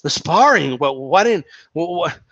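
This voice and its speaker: A man doing a mocking impression of a podcast host, with a lower, hesitant and mumbling voice. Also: lively intonation, a little slow, a bit bright, no echo, muffled recording, heavily acted.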